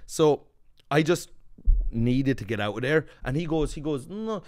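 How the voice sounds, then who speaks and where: A Northern Irish man on a podcast, telling a story in a breathless, animated, swearing way, acting out the people in it. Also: mid-range voice, moderate pace. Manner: animated, swearing, breathless retelling with quoted voices. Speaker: podcast co-host. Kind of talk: casual storytelling chat.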